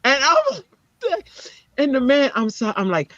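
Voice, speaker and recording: Woman host, deep voice, chatty and laughing, slightly dull lo-fi sound. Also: a little slow, no room sound. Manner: animated storytelling, laughs often. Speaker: craft show host. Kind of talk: casual chat.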